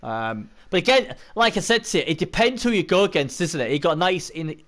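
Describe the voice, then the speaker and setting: A man's voice: sits high, lively intonation, a little fast, fairly bright tone. Rambling man commentating a stream. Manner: rambling, chatty, greets chat viewers mid-commentary. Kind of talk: casual live-stream commentary.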